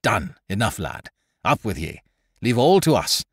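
A man's voice: lowish voice, huge pitch swings, dry recording, clean studio sound, heavily acted. A man doing a cool, commanding pirate captain. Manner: crisp, brisk orders.

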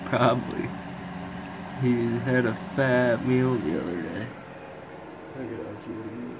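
A man filming his pet lizard on a phone, talking to it in a slow, easygoing, cooing way. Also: mid-range voice, fairly even intonation, dull audio. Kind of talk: casual home video chat. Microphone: phone camera. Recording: noisy home phone recording.

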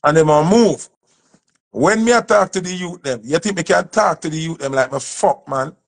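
Jamaican male dancehall artist, high and gravelly, preachy and emphatic on camera. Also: moderate pace. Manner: emphatic, preachy, repeats his points. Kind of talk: impassioned speech to camera.

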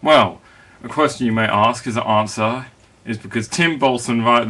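A man's voice: medium pitch, normal speed, few pauses, bright, forceful tone. A man with a put-on East London accent, ranting in a mock-outraged, sarcastic way into a webcam. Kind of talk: ranting vlog.

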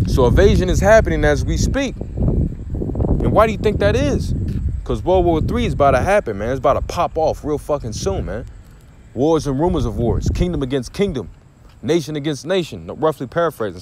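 A man delivering an impassioned, profane religious rant, repeating himself for emphasis with faint vehicle noise behind. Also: on the high side. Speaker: street preacher.

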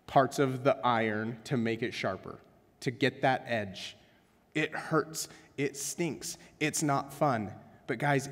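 A man's voice: medium pitch, long reverb tail. A young man preaching a sermon as pastor in a chatty, self-deprecating way, calling the congregation "guys". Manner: conversational, self-deprecating, addresses listeners as guys. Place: church sanctuary.

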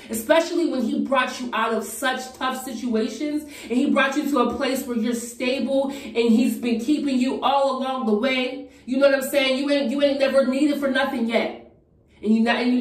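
A woman preaching fervently in a conversational way, encouraging her viewers in a get-ready-with-me video. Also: high-pitched. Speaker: Christian vlogger. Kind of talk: preaching while getting ready. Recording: echoey room from a distance.

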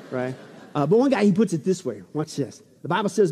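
A man preaching a sermon as pastor, emphatic, with loud exclamations and hushed asides. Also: fairly high pitch, lively intonation, fairly quick, breathy edge. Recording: long reverb in a large hall.

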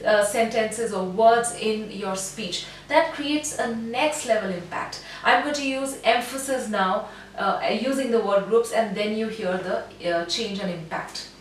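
A woman's voice: unhurried, far from the mic. Woman voice coach in an echoey room. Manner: demonstrates pacing, explains calmly. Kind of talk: online voice lesson. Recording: very echoey room, off mic, faint rumble.

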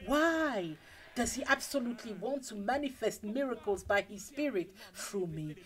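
Woman pastor, sermon delivery, higher voice, dramatic, acts out scenes. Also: expressive, normal speed, rough recording. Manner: calls for amens from the congregation.

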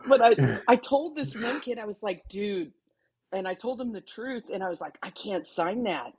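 A woman with a Texan accent, a podcast guest telling stories casually, animated and laughing, with some swearing. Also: a little high, normal speed, husky. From Texas. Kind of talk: casual storytelling.

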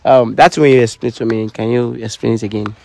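A man with a Nigerian Pidgin accent hosting a comedy skit, playful and animated, talking to the audience. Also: mid-range voice, fairly quick, creaky. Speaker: comedian host.

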